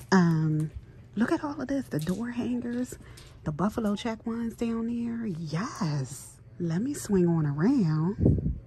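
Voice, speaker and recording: Chatty woman vlogging in a noisy store. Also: low-pitched. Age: adult, married mother. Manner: chatty, excitable, talks to viewers as "girl" and "y'all". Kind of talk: casual shopping vlog narration. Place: inside a large retail store. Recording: store background noise and clicks.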